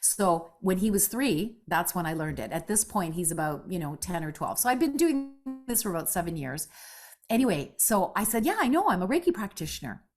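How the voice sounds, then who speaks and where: A woman in her fifties telling her story as a podcast guest, animated and casual, peppering her talk with "right?" and the odd swear word. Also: normal speed, soft background music. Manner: animated, acts out quoted voices with big pitch jumps. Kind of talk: conversational storytelling.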